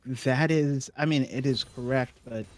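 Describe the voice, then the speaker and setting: A man's voice: mid-range voice, steady tone, unhurried. A man casting an esports match with chatty, joking play-by-play that often corrects itself. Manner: chatty, self-correcting, jokey. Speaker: esports caster. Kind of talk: play-by-play commentary.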